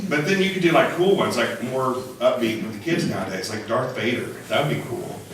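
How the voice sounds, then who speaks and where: A hoarse man with a cold doing chatty, self-mocking stand-up comedy on a conference stage. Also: medium pitch, a little fast, noisy background. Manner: chatty, self-mocking, slips into funny voices. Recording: echoey hall from far off.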